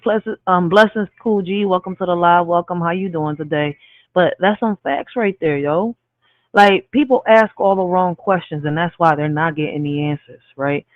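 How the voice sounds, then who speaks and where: High-voiced man hosting a live stream. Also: dry recording, phone-quality sound. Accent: Spanglish. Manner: peppers talk with "all right?" and "real shit". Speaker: livestream host. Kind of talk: casual live-stream commentary.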